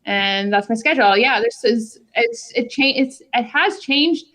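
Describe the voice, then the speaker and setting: A woman's voice: a little high, measured pace, low-quality recording. A woman guest on a livestream, talking casually and at ease about her posting schedule. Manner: relaxed, chatty, many fillers. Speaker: guest YouTube creator.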